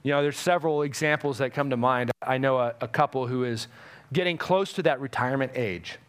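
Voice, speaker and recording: A man's voice: mid-range voice, a little fast, fairly bright tone, smooth. A male pastor giving a conversational sermon and acting out quotes with animation.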